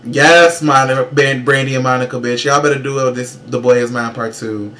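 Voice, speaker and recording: A man hosting his own casual show, giving sassy, profane, emphatic pop-culture commentary with brash shout-outs. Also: medium pitch, steady tone, normal speed. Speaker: show host.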